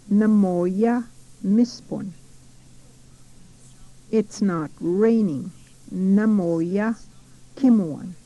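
A woman's voice: fairly low pitch, mellow, low-quality recording. A woman teaching a recorded language lesson, saying each word carefully and repeating it.

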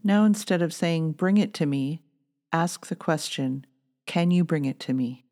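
A woman with a notably low voice reads out a language lesson. She guides the learner step by step in a calm, clear teaching manner. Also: measured pace. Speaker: language course narrator. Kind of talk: scripted instructional narration.

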